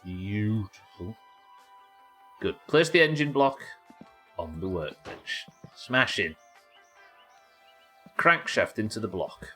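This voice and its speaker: A young British man streams a game live, his voice sitting a little low as he chats with viewers and narrates each step. He swears freely and keeps a loose, friendly flow, with faint music playing behind him. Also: animated, takes it slowly, pauses often, sharp tone, husky. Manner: chatty, sweary, talks to chat while working. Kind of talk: live gameplay commentary.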